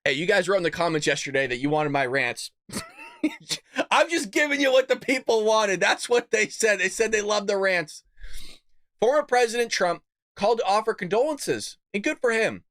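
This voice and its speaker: Angry man ranting, high voice. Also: expressive, moderate pace, fairly bright tone, no room sound. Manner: mocking put-on voices for quoted opponents. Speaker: podcast host. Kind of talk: political rant.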